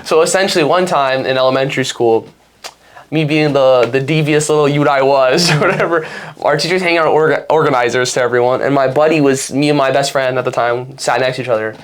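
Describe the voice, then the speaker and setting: A young man from Canada co-hosting a podcast, telling stories in a lively way and laughing along as he goes. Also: medium pitch, a little fast. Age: young adult. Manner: animated storyteller, laughs through his story. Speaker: podcast co-host. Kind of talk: casual chat.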